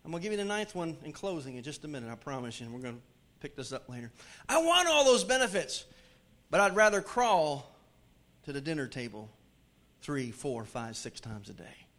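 A man preaching a sermon to his congregation in a church, joking with the crowd and swinging from loud calls to hushed pleading. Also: fairly high pitch, sing-song, brisk. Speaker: pastor. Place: church sanctuary.

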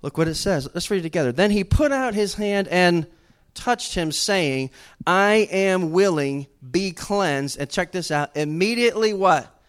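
High-voiced preaching man. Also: animated, unhurried, smooth. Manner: conversational preaching, rising to loud emphatic bursts. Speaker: pastor. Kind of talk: sermon.

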